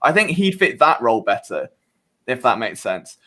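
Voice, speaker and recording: A British man on a podcast as a guest, chatting casually in an animated, rambling way that often questions himself. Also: medium pitch, normal speed. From Britain.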